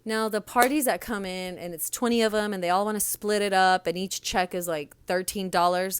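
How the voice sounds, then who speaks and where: A woman's voice: medium pitch, normal speed, hardly any pauses, clean tone, dry recording. A young woman who works in restaurants and once managed one hosts a podcast and talks in a blunt, sassy way. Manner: blunt, sassy storytelling with lively quoted voices. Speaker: podcast host, restaurant server and former manager. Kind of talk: casual solo podcast monologue.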